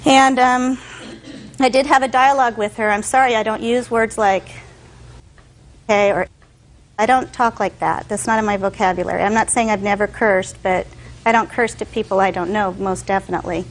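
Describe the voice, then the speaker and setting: A woman's voice: mid-range voice, fairly even intonation, moderate pace, slight background noise, low-quality recording. A young woman testifying as a defendant in court, telling her story with animation and acting out other people's voices.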